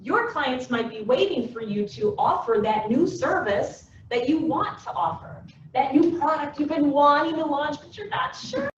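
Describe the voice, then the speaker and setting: A woman presenting a business workshop to a live audience, animated and playful, acting out little scenes. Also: high-pitched, normal speed, hardly any pauses, far from the mic. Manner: animated, acts out little scenes in different voices. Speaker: workshop presenter and success coach. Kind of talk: lively business workshop talk. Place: meeting room with a live audience. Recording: echoey room recorded from afar, dull and a bit noisy.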